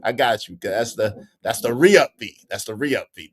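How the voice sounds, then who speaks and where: A young man hosting a casual livestream, bantering with the chat in animated, repetitive bursts with frequent laughs. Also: fairly low pitch, normal speed. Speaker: livestream host.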